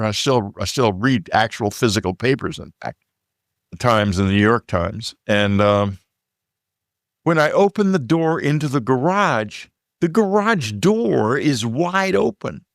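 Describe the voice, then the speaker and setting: A man from Texas telling a personal story in a relaxed, conversational way, with fillers and side remarks. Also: medium pitch, no echo, clean studio sound. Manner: unhurried, plain storytelling with fillers and asides.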